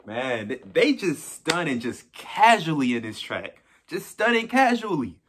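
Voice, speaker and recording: A man hosting a music reaction, talking fast and excited in slang and repeating his points over and over. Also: on the high side, breathy edge. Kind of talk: hyped reaction commentary. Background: faint hip hop track playing.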